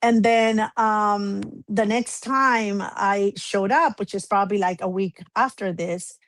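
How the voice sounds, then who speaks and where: A woman's voice: mid-range voice, steady tone, slow pace, no echo. Woman, 40s, talk-show guest, chatty rambling storyteller, dry close sound. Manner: rambling personal storytelling with many fillers. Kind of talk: casual chat.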